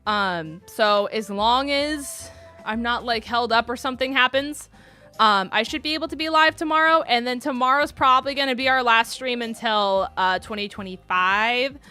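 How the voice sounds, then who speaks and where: A woman's voice: fairly high pitch, moderate pace, pushed and bright, clean tone, soft background music. A young woman live streamer chatting casually and gushing thanks to her viewers. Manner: gushing, effusive thanks to chat. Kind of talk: casual chat.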